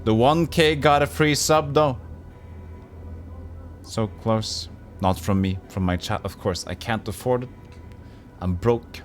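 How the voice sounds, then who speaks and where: A man's voice: mid-range voice, takes it slowly, long pauses, soft background music. A man streaming a story game, reading the narration and joking with his chat in a self-deprecating way. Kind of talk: reading a game aloud on a livestream, chatting with viewers.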